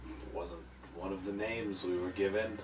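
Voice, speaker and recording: A man chatting as a player in a tabletop game, brisk and direct. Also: low-pitched, fairly even intonation. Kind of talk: casual tabletop chat. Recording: echoey room, distant mic.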